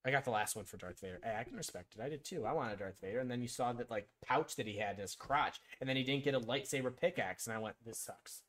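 A man's voice: medium pitch, fast talker, few pauses, a bit bright. A man chatting casually on a live stream, rambling through sports picks, answering viewers by name and giving blunt, slightly profane opinions. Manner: rambling, talks to chat viewers, frequent ums and restarts.

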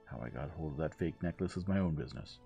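A man's voice: extremely low pitch, animated, fast talker, creaky, dark tone, dull audio, faint music behind, heavily acted. A man voicing a wry, cornered young man. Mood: defiant. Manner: casual, plain-spoken. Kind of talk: gentle audiobook reading.

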